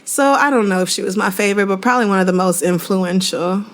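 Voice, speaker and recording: A woman's voice: medium pitch, quick pace. A woman guesting on a podcast, talking in a blunt, profane and wry way. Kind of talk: casual chat.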